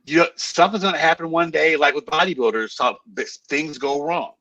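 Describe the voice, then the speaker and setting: A man with a bright, forceful voice gives blunt, slangy opinions in casual live-stream chat. He sits back from a dry-sounding mic. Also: on the high side, fairly quick, dry recording, far from the mic, lo-fi sound. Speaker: co-host of a bodybuilding watch party.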